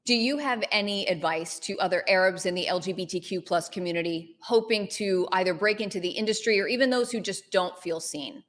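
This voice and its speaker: A woman of Lebanese background hosting an interview, asking measured, prepared questions. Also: medium pitch.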